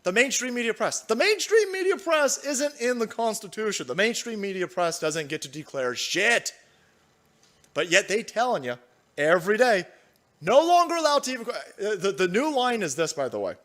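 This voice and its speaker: A man's voice: high-pitched, very animated, normal speed, fairly bright tone. A man hosting a livestream, delivering angry, profane, combative political commentary. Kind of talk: ranting live commentary.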